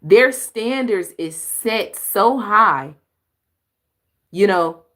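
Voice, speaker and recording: A woman's voice: mid-range voice, lively intonation, drawn-out words, fairly bright tone. A woman hosting a reaction video, giving blunt, emphatic commentary on clips with sighs and exclamations.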